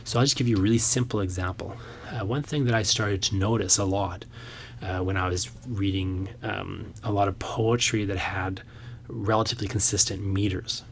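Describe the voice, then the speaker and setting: A man's voice: low-pitched, steady tone, normal speed, creaky, slight background noise. A man hosting a podcast, talking through a point about poetry in a thoughtful, rambling way with many fillers. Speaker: podcast host and poet. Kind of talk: casual instructional podcast talk.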